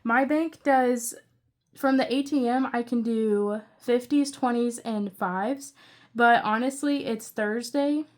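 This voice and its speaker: A young woman chatting casually through her budget, rambling with excitable asides. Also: on the high side, slow pace. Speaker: budgeting channel creator.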